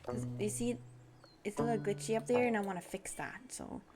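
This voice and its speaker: A woman's voice: medium pitch, expressive, a little fast. Bubbly young woman streamer narrating her game, giggly and chatty, music playing behind. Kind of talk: casual gameplay chat. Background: background music.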